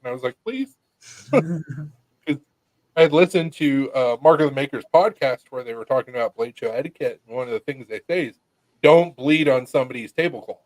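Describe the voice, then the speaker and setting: A man's voice: medium pitch, a little fast, darkish tone, dry recording, low-quality recording. A man telling stories in a casual podcast chat, swearing and laughing often. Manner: laid-back storyteller, swears, laughs often. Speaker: podcast co-host.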